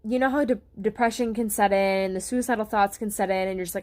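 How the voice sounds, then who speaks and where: A woman's voice: medium pitch, fairly even intonation, fast talker, few pauses, darkish tone. A woman talking to the camera at home in a casual, rambling way, with many fillers and restarts. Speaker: vlogger sharing a health experience. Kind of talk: casual personal talk to camera. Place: at home, on a couch.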